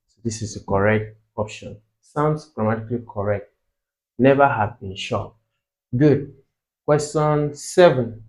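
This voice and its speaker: Male tutor, Nigerian English accent, mid-pitched, measured and slow, drills words by repeating them. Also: a little mellow, rough recording. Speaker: exam tutor. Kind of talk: tutorial explanation.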